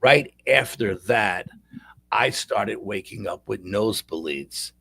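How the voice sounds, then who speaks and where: Gravelly low-voiced man telling a story. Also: animated, takes it slowly, fairly bright tone, no room sound. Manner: rambling anecdotal, repeats words. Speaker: guest paranormal investigator. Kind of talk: casual storytelling interview.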